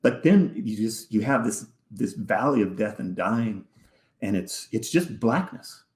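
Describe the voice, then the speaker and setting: A man, a podcast guest, telling an emotional personal story in a halting way, repeating words and sometimes dropping almost to a whisper. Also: on the low side, lively intonation, darkish tone. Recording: echoey room.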